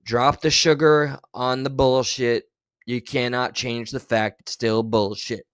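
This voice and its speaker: A man's voice: medium pitch, little pitch movement, a little slow, a bit bright, clean tone, dry recording. A man commenting on clips in a livestream, blunt and sarcastic, with a lot of swearing. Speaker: streamer commentator. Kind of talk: profane commentary over played clips.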